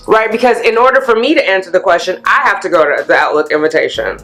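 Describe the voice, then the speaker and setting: A woman vlogger chatting candidly to camera, a blunt and animated storyteller letting off steam. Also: mid-range voice, fast, few pauses, faint music behind. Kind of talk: candid vlog chat.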